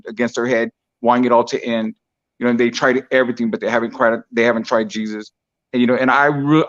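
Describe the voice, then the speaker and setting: A man's voice: mid-range voice, a bit bright, dull audio. A man giving an earnest, preacher-style testimony with many repeated phrases. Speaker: guest sharing a testimony.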